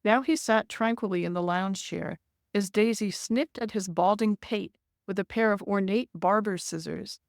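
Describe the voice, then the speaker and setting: A woman author reading her memoir in a measured, gentle way, then talking casually with frequent fillers. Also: medium pitch, vocal fry, dry recording, clean studio sound.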